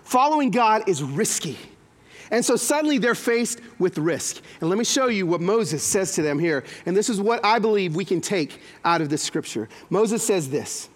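High-voiced animated preacher man. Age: 40s. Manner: animated storytelling with acted-out quotes. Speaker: pastor. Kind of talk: sermon.

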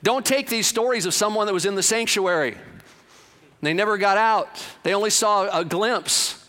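A male pastor preaching a sermon, swinging from emphatic to hushed. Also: high voice, moderate pace.

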